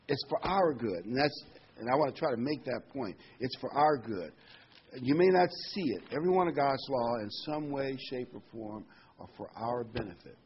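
Man, sermon, chatty and emphatic, dull lo-fi sound. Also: medium pitch. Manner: conversational preaching with fillers and emphatic repetition. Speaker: preacher. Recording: dull lo-fi sound with faint noise.

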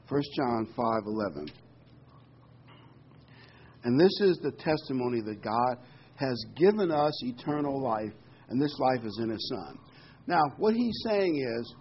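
A man's voice: mid-range voice, dull audio, slight background noise. Earnest male preacher teaching scripture. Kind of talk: sermon.

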